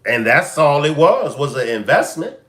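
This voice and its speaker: Animated man hosting a live commentary. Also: on the high side, moderate pace. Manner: animated, repeats questions to the chat. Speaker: commentary show host.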